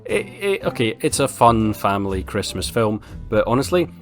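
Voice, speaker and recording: Scottish male film reviewer, deep voice, dry sarcastic delivery, faint music underneath. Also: lively intonation, normal speed. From Scotland. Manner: wry, blunt and sarcastic. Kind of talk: casual film review monologue.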